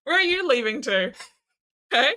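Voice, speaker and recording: A woman's voice: high-pitched, very animated, moderate pace, pushed and bright. A woman joining her partner's stream, teasing him with playful sarcasm in casual banter. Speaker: streamer's partner, fellow creator.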